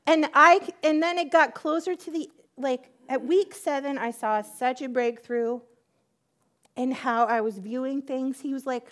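A woman giving a personal testimony in church, acting out both sides of her conversations with God and laughing at herself often. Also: high-pitched.

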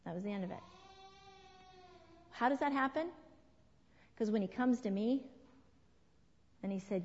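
Earnest woman preaching in a reverberant hall. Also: mid-range voice. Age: 40s. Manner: earnest, emphatic, slows down to stress key words. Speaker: women's ministry speaker. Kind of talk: sermon to a women's group. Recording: dull sound with long hall reverb.

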